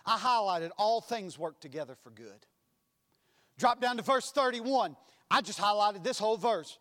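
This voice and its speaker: A man preaching a sermon in a church, impassioned, swinging between loud and soft passages. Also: high voice, very animated, moderate pace. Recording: long hall reverb.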